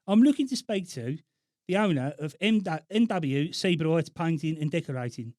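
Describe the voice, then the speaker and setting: A man putting on a Black Country accent to play a male council caller in a prank call, slow, deliberate and officious. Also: on the high side, animated, darkish tone, no room sound, clean studio sound, close to an everyday voice. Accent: put-on Black Country.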